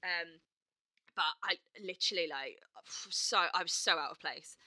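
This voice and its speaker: A woman's voice: on the low side, normal speed, pushed and bright, dry recording, studio quality. A woman co-hosting a casual chat, telling stories with swearing and acted quotes. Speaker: podcast co-host and performer.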